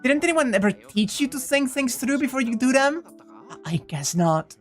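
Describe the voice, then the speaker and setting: A woman voicing an earnest teenage boy hero in a visual novel read-aloud, in a slightly lowered, thoughtful narrating voice. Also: big pitch swings, normal speed, soft background music.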